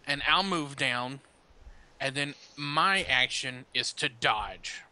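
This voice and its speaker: A man playing in a tabletop game, talking casually and deliberately. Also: mid-range voice, expressive, sharp tone. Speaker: player.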